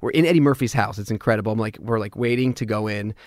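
A male comedian guest telling a story in casual chat, animated and peppered with filler words. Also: fast talker, no echo, studio quality. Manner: animated, peppered with "like", acts out quotes in higher voices.

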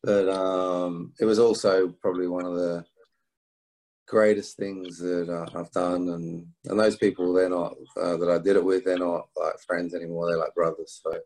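A middle-aged man from England, telling a personal story as an interview guest, halting with restarts and fillers. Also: low voice, little pitch movement, darkish tone, rough recording. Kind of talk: reflective storytelling.

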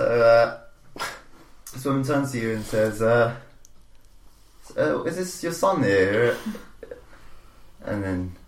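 A man hosting a casual podcast, laughing and hesitant as he sets up improv scenes. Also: sits low. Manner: laughing, hesitant, acts out police officer. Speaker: podcast host. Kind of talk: casual improv game chat. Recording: roomy with faint noise.

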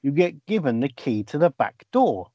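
A man's voice: a little high, big pitch swings, moderate pace, mellow, no room sound. A man hosting a podcast, teasing his co-hosts and steering the casual chat. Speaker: podcast host. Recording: dry dull lo-fi audio.

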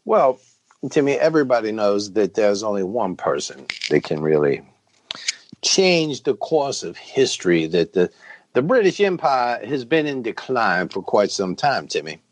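A man on a comedy podcast, holding forth in a pompous, deadpan way on absurd political plans. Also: fairly low pitch, measured pace, no echo. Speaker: podcast co-host playing a blustering colonel.

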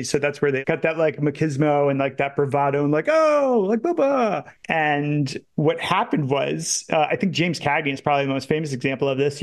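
Male podcast co-host, somewhat high voice, casual explainer, filler-heavy. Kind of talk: casual film discussion.

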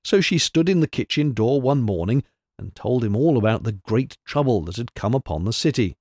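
A man reading a storybook aloud in an expressive, animated way. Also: medium pitch, normal speed, no room sound, clean studio sound. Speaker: narrator.

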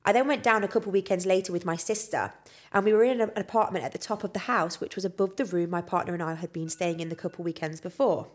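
A woman's voice: fairly low pitch, fast. A young woman co-hosting a podcast, reading out listener ghost stories with lots of feeling and frequent swearing and laughter. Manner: expressive, swears freely, laughs often. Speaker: podcast co-host.

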